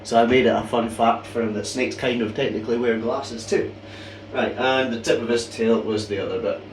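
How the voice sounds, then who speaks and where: A reptile keeper's brisk, medium-pitched voice stays fairly even as he hosts a chatty vlog, cooing fondly over the large pythons he handles. He's a bit out of breath, far from the mic, and there's a little hiss or hum.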